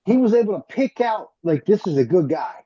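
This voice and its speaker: A man's voice: high-pitched, very animated, fairly quick, mellow, highs cut off. A man giving an earnest, emphatic tribute in casual conversation, circling back to the same phrases. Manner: earnest, emphatic, speaks in short repeated phrases.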